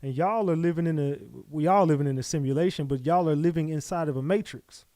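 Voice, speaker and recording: A man hosting a casual livestream, loose and chatty, giving repeated shout-outs to his viewers. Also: on the high side, fast talker, no room sound. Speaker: livestream host.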